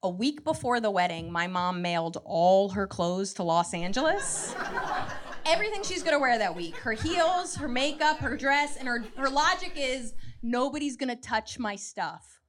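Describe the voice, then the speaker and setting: Woman comic in her thirties, animated stand-up delivery, slightly high voice. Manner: animated, jumps into quoted voices, quick asides. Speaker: stand-up comedian. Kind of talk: stand-up comedy set. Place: comedy club stage with audience laughter.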